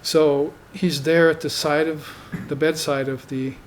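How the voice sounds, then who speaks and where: A man giving a spiritual dharma talk to students in an unhurried, conversational way, often tagging his points with "you see". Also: on the high side, little pitch movement, a little hiss or hum. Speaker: spiritual teacher.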